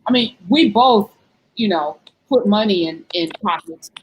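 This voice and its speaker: A woman's voice: mid-range voice, lively intonation, measured pace, highs cut off, slight background noise. A woman in a live class discussion, relaying audience questions and thinking aloud, correcting herself as she goes. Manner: thoughtful, corrects herself mid-thought. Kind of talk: conversational discussion.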